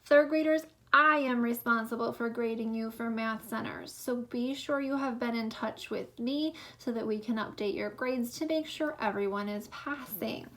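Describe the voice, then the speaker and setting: A young woman teaching a remote lesson to young schoolchildren, speaking slowly and clearly with a drawn-out teacher delivery. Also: a little high, a bit bright. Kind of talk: remote class video lesson.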